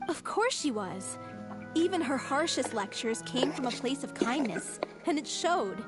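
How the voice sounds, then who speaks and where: A gentle young troupe actress. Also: female voice, high voice, sing-song, a little slow. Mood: fond. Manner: warm, fond reminiscing. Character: gentle, soft-spoken young woman troupe member. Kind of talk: game cutscene voice acting. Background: music.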